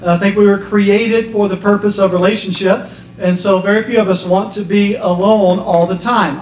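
A male pastor in his thirties or forties giving a casual, story-driven sermon to his church. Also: high-pitched. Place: church hall. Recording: roomy echo from a distance.

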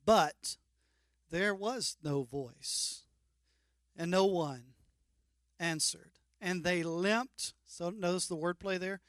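High-voiced, animated male pastor. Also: takes it slowly, pauses often, no room sound, clean studio sound. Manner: animated, joking, mock-incredulous asides. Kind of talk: sermon.

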